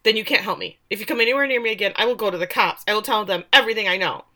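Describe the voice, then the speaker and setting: A woman co-hosting a podcast, recapping a TV episode in casual chat, animated and sarcastic, swearing offhand. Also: mid-range voice, rapid-fire. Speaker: podcast co-host recapping a TV show.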